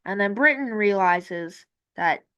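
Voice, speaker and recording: A woman talks through a map timeline at an unhurried pace. Her pitch swings widely as she rambles and corrects herself. It sounds like casual thinking out loud. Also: animated, dull audio. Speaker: map-series creator.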